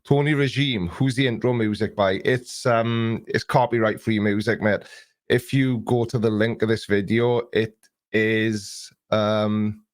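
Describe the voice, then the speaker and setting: A man with a lowish voice runs a casual early morning livestream, greeting viewers by name and rambling through their comments. He's recorded dry on a desk microphone.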